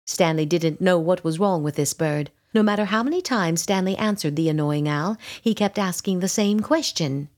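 A woman's voice: normal speed, few pauses, a little mellow, close to an everyday voice. A woman voicing a young, clumsy boy dragon in a storybook reading, puffing himself up with bravado in a raised voice. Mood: indignant. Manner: puffed-up bravado, high and pleading. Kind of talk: storybook read-aloud.

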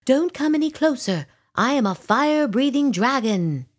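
A woman's voice: very animated, takes it slowly, a little mellow, exaggerated voice. Stanley, a woman doing a blustering young dragon. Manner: puffed-up bravado, high and pleading. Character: young clumsy boy dragon, hurt and blustering. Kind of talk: storybook read-aloud.

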